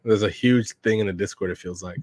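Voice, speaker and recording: A man casually reading a manga aloud for a reaction podcast, narrating scenes in slangy, relaxed speech and reading character lines without much change in voice. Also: lowish voice, brisk, no echo, clean studio sound. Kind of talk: casual read-along reaction.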